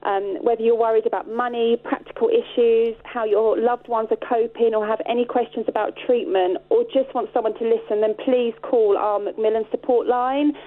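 A woman speaking as a charity spokesperson in an earnest, steady phone interview. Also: on the high side, moderate pace, few pauses. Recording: tinny phone line.

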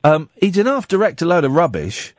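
Excitable radio host, high lively voice. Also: male voice, fairly quick, dry recording, clean studio sound. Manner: teasing, exasperated, excitable. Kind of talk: casual radio chat.

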